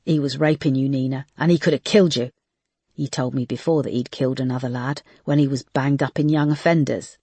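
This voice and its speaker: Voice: mid-range voice, fairly even intonation, brisk, darkish tone, breathy edge, no room sound. An intense young man, urgent and insistent, his voice climbing as he pleads, put on by an audiobook narrator. The audiobook recording is close and dry, with no room sound. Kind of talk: audiobook character voice.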